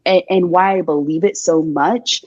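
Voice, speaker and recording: A woman's voice: lowish voice, moderate pace, no room sound, lo-fi sound. A young adult woman, a paramedic guest on a podcast, talking bluntly and emphatically, swearing freely and repeating her points. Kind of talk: candid interview talk.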